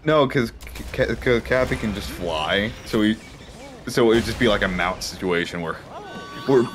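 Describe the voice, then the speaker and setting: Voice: mid-range voice, normal speed, background noise. A co-host chatting and teasing casually during a video game stream. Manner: animated, teasing banter. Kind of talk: casual gaming stream chat.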